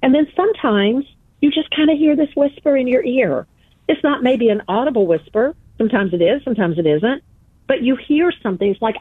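A guest author, a woman with a high, husky voice, tells a personal story in an interview with lively intonation at a moderate pace. She sounds earnest and emphatic, repeating phrases for weight. The call comes through a tinny, dry phone line with no room sound.

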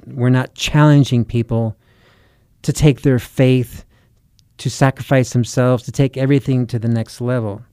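A man teaching in a sermon style, his voice mellow and warm. The sound is smooth and resonant, recorded dry and close. He presses his points with earnest urgency and a string of rhetorical questions. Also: medium pitch, no room sound. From United States. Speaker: Christian author and preacher.

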